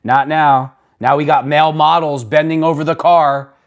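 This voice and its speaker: A man's voice: on the high side, steady tone, normal speed. Blunt rambling man live-streaming. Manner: blunt, rambling, restarts often, swings loud and quiet. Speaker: livestream host. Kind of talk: casual live-stream chat reading comments.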